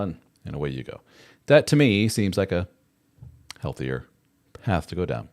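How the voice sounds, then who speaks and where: A middle-aged man hosts a casual livestream and talks to his viewers in a frank, plain-spoken way. His voice sits very low. He swears now and then and keeps it conversational as he answers their comments. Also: big pitch swings, moderate pace, pauses often, darkish tone. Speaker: host answering viewer chat.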